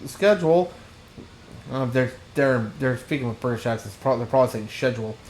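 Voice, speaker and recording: A man's voice: mid-range voice, little pitch movement, fast, echoey room, rough recording. A man casually playing a game and reading its dialogue aloud, with asides to someone in the room. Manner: casual, asides to his partner. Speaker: gaming channel host.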